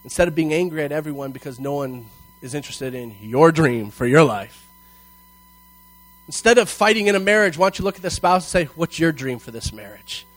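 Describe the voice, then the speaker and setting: A male pastor preaching a sermon to a congregation in church, telling a personal story and acting out its dialogue with animated delivery. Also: fairly high pitch, a little fast, dry recording, poor audio. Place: church service before a congregation.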